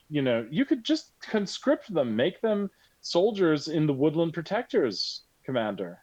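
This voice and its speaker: A man narrates and runs a tabletop game, his pitch bouncing with lively swings. He talks in a chatty, encouraging way. The sound is dull and lo-fi. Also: slow pace, slightly rough. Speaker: game master.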